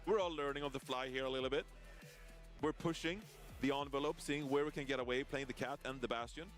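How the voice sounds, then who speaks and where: A man casting an esports match, explaining team strategy in a measured, analytical way. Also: medium pitch, steady tone, faint music behind. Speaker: esports caster.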